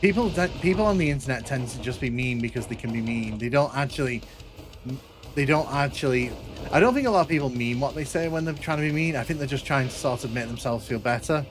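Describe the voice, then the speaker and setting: A man's voice: medium pitch, animated, fast, over music. A man with a northern English accent from between Manchester and Liverpool, chatting casually while streaming a game and answering viewer comments. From northern England. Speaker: gaming streamer.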